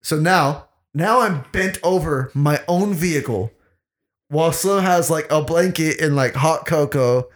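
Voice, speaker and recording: Rambling profane podcast host guy. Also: measured pace. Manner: rambling, profane, gets louder and higher when excited. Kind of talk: crude comedic storytelling.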